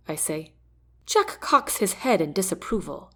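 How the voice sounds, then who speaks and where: A woman narrating a novel in the first person, with an expressive, varied reading. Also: medium pitch, moderate pace. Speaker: audiobook narrator.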